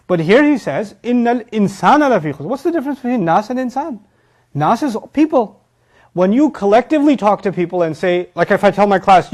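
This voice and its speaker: A man giving a lecture-style sermon. He recites Arabic phrases and explains them in English, swinging from loud emphasis to quiet asides. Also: high voice, lively intonation, fairly quick. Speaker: preacher teaching Quran.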